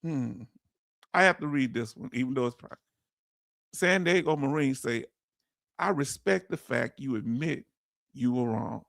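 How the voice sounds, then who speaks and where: A man's voice: medium pitch, expressive, measured pace, creaky, long pauses, fairly bright tone, no room sound, clean studio sound. A man hosting a casual livestream, reading viewer comments aloud and calling his audience family in a heartfelt, emotional way.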